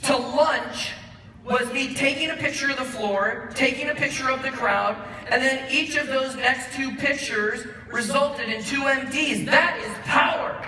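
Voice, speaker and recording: A bright, forceful man gives an animated award acceptance speech, acting out both sides of a conversation as he tells his story. His voice carries through a roomy hall, picked up from a distant mic over a faint hiss. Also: very high voice, measured pace. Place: large event hall with audience.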